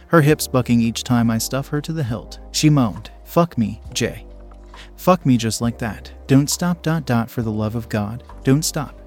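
Steady first-person male story narrator. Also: medium pitch.

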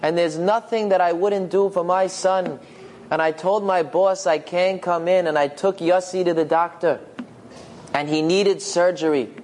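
A man voicing an elderly father reading his own diary, tender and soft-spoken. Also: high voice, fairly even intonation, measured pace. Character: gentle loving elderly father.

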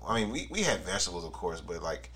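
A man's voice: low-pitched, sing-song, quick pace, pushed and bright, a little hiss or hum. A man telling a funny family story in casual chat, laughing often.

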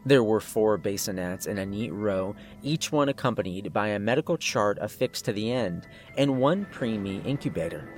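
Man reading a scary story in first person, kinda low voice, tense, soft music underneath. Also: expressive, normal speed, few pauses. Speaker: narrator. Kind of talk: scripted horror story narration.

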